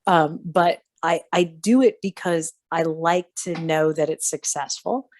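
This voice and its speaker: Low-voiced woman chatting animatedly on a podcast. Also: measured pace. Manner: animated, acts out quoted voices. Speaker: podcast co-host. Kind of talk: casual chat.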